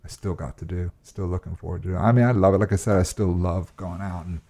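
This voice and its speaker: A man with a very low, gravelly voice and a dark, mellow tone. He talks in a loose, rambling way, full of fillers, as a guest in a casual chat recorded in a flat. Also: fast. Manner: relaxed, rambling, many fillers. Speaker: actor guest. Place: host's flat.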